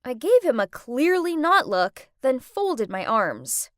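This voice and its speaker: High, animated young woman narrator. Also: slow pace, no echo, clean studio sound. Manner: dramatic, breathless panic rising to screams. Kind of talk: scripted first-person story narration.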